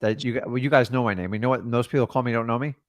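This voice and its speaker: A man coaching a caller in a casual, blunt way, acting out phone calls with quick changes of voice. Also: mid-range voice, no echo. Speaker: real estate investor coaching a caller.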